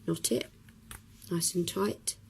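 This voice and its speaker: Brief: hoarse woman, chatty craft tutor, lowish gravelly voice. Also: flat delivery, takes it slowly, a little mellow, rough recording. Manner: chatty, talks while working, many ums. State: hoarse from a cough.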